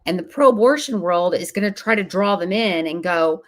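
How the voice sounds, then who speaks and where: A woman's voice: lowish voice, animated, moderate pace, hardly any pauses. A woman speaking as an interview guest, earnest and emphatic, sometimes acting out what other people say. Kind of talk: casual interview talk.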